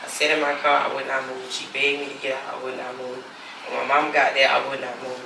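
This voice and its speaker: A mother speaks candidly in her own gravelly voice, slipping into the voices of the people she spoke to on the phone. The sound is roomy and echoing, picked up from some distance, with steady noise underneath. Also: rumbling low, fast talker. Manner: candid, acts out the phone calls with quoted dialogue. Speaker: mother telling her story. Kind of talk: personal testimony for a documentary. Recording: echoey room, distant mic, background noise.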